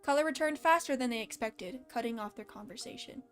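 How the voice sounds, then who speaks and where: A woman's voice: a little high, a little fast, faint music behind. Woman reading a story aloud with a slight lisp. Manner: breaks off to laugh and comment. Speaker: fan fiction reader.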